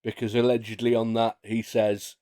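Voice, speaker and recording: A man's voice: medium pitch, level tone, moderate pace, warm tone. A man in casual podcast chat as a guest, with wry dry humour and frequent chuckles.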